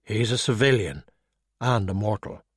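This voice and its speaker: A man voicing a calm, dry-witted skeleton detective who speaks in a measured, deadpan way. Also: lowish voice, slightly rough, no room sound.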